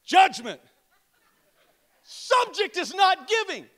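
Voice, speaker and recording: High, bright-voiced man preaching a sermon. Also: sing-song. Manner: emphatic call-and-response preaching; slows and stresses each word when reading scripture. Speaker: pastor.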